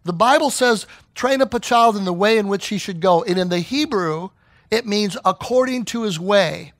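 A man's voice: sits high, normal speed, dry recording. A middle-aged man preaching a sermon as pastor, telling stories and acting out the voices he quotes. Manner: animated storyteller who acts out quoted voices.

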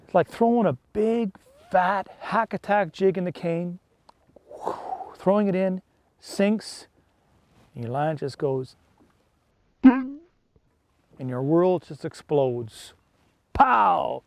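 A man chatting excitedly and folksily while fishing from a small boat on a lake. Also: high voice, slow, pauses often, slight background noise. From Canada. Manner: excitable, folksy, peppers talk with "eh". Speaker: fishing vlogger. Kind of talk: casual on-the-water chat.

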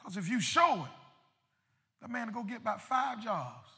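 A male pastor preaching a sermon, repeating words and building up to shouted peaks. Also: high-pitched, very animated, normal speed, vocal fry, slight background noise. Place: church sanctuary. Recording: long reverb of a church hall.

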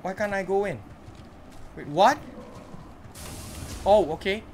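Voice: mid-range voice, takes it slowly, a little mellow, a little hiss or hum. A gamer giving casual commentary while playing, chatting to the characters and reacting aloud.

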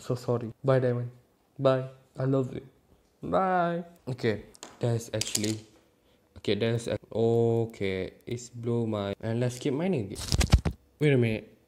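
Gaming YouTuber, male, mid-pitched, excitable self-narration in non-native English with sudden shouts. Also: a little hiss or hum. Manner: excitable, talks to himself, sudden loud outbursts. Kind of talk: casual let's-play commentary.

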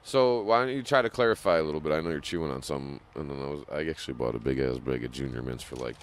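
A very deep, gravelly young man rambles through crude jokes on a casual podcast. He talks loosely and profanely. A faint hiss of noise sits behind him. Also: rapid-fire. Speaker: podcast co-host.

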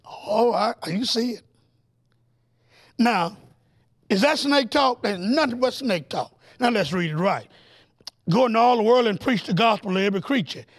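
This is a televised Bible lesson led by a male preacher whose voice is strikingly high and gravelly, with a fried edge. Pressing hard on his points and firing off rhetorical questions, he pushes up into excited peaks that verge on shouting.

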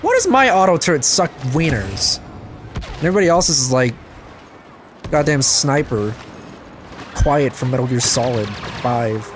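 A young man giving casual, self-mocking commentary over his gameplay, his voice jumping high when things go wrong. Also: expressive, moderate pace, background noise. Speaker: gaming channel host. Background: game music and gunfire.

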